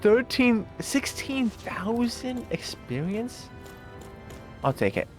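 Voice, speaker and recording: Slow, lively-pitched game streamer. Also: faint music behind. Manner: reads in-game text aloud, laughs easily, thinks out loud. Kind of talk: casual live-stream commentary.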